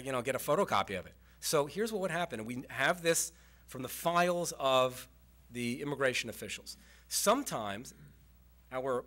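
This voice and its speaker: Male historian, public lecture, conversational explainer, mid-pitched voice. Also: fairly bright tone. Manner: conversational, explanatory, with fillers and asides. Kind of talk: lecture with slides. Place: community center presentation.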